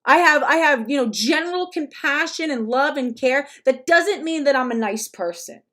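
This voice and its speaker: A woman with a notably high-pitched voice delivers reaction commentary as a rant. She is blunt and emphatic and swears freely. She now and then mocks others in short put-on quotes. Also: animated, normal speed, fairly bright tone. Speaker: commentary vlogger.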